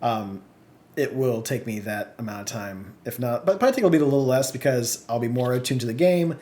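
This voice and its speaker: A man in casual podcast chat who jokes and chimes in quickly. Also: mid-range voice, dark tone. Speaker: podcast co-host.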